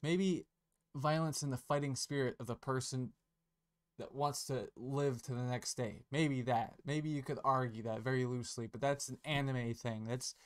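A man's voice: mid-range voice, fairly even intonation, normal speed. A man giving a casual commentary rant, sarcastic and profane, rambling and correcting himself as he goes. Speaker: online commentator.

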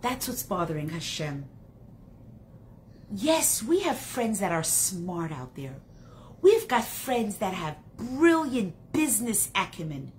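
A woman teaching a Torah class in an animated storytelling style, acting out the characters in her stories. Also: medium pitch, takes it slowly, a little hiss or hum.

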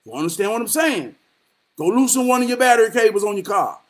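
A man's voice: sits high, expressive, fast, poor audio. A man giving a casual, preachy monologue. He speaks in a profane, repetitive, rhetorical way with a street-preacher cadence. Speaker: vlogger giving life talks.

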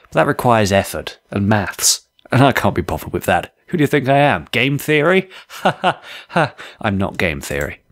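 A man's voice: on the low side, normal speed, dry recording. Self-mocking lets-player man. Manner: self-mocking, sweary, lively. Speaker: game player. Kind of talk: let's play commentary.

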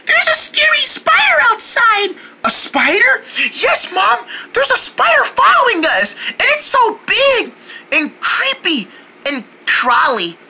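A woman voicing a timid little girl in a children's cartoon, squealing and high-pitched with fear of a spider. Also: big pitch swings, slow, pushed and bright, slight background noise, heavily acted. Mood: frightened.

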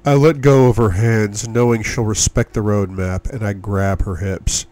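A man narrating an audiobook in the first person, with an intimate and measured reading. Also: lowish voice, steady tone, warm tone. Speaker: audiobook reader.

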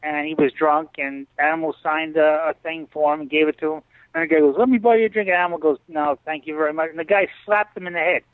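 A man's voice: on the high side, fast, few pauses, dry recording. A man telling stories as an interview guest over a video call, acting out what people said. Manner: animated storyteller, acts out others' lines. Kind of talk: storytelling in a casual interview. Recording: dry tinny call audio.

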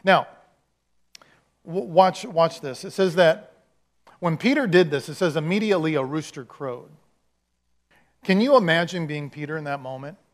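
A pastor with a fairly high voice delivers his sermon as a chatty story. He talks to the congregation directly and acts out the words of the people in it. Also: lively intonation, moderate pace, long pauses. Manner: conversational storytelling, acting out quotes.

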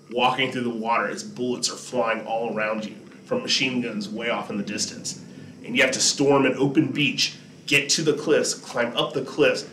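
A man's voice: mid-range voice, sharp tone, a little hiss or hum. A man teaching a history lesson over slides in a conversational way, often checking in with his listeners. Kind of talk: classroom lecture over slides. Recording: echoey room, distant mic.

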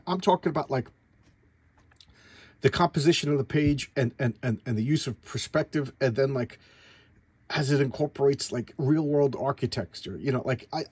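A man with a slightly raised, husky voice walks through comic panels he loves. He stops and restarts constantly, repeating words as he searches for terms. The sound is dry and close, with no room around it. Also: fairly high pitch, darkish tone, no room sound. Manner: enthusiastic, self-doubting asides. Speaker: comic book reviewer. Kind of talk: casual comic review.

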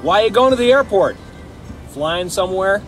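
A man's voice: high voice, lively intonation, normal speed, fairly bright tone, soft background music. An actor playing a dim-witted, chatty male limo driver who rambles on, cheerfully clueless.

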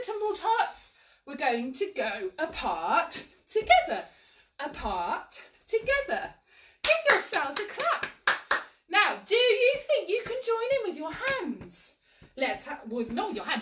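A woman's voice: very high-pitched, big pitch swings, moderate pace, a bit bright, a little hiss or hum. A woman leading a live-streamed movement class for toddlers, giving cheery, encouraging sing-song instructions to the children and their grown-ups. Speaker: children's exercise class leader. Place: room at home. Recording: echoey room, mic at a distance.

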